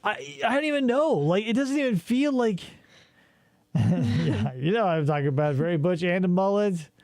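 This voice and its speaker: A man's voice: high voice, animated, moderate pace, darkish tone, dry recording, studio quality. A man co-hosting a podcast, riffing in rambling, sarcastic, profane casual commentary. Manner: rambling, sarcastic, swears often. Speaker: podcast co-host.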